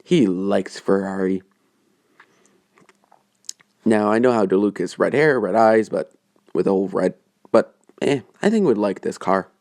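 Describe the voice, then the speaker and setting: A man's voice: on the low side, measured pace, pauses often, a little mellow, no room sound, clean studio sound. A man casually making up a fan story as he goes, rambling and hesitant, full of fillers and self-corrections.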